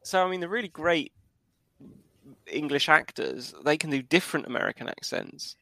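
A man's voice: on the high side, moderate pace, gravelly, pushed and bright, no room sound. A middle-aged man co-hosting a comedy podcast, hesitant and joking as he tries out silly accents. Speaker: podcast co-host.

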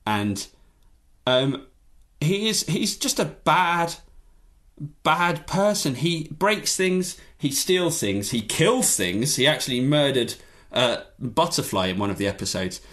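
A man in a casual chat, ranting in an animated, exaggerated comic way. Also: fairly high pitch, slow pace.

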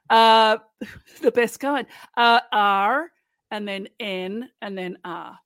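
A woman's voice: fairly high pitch, lively intonation, very slow, pauses often, a bit bright, dry recording. A woman with an Australian accent, a guest on a podcast, chatting in a playful, teasing way. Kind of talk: casual chat.

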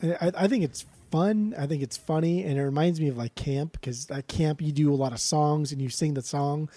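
A man co-hosting a podcast, talking in an animated, mocking casual way and swearing often. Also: on the high side, fairly quick, no room sound. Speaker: podcast co-host. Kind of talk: casual chat.

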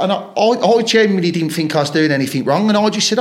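A man's voice: fairly high pitch, fast, few pauses. Chatty man telling stories. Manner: rambling anecdotes, frequent swearing, acts out quoted lines. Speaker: podcast guest, footballer. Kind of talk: casual storytelling interview.

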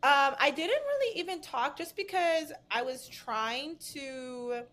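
Her high-pitched voice is a bit bright, with lively intonation and a slow pace. Appearing as a guest influencer on a podcast, this young adult woman chats casually, leaning on fillers, restarting often and breaking into laughter.

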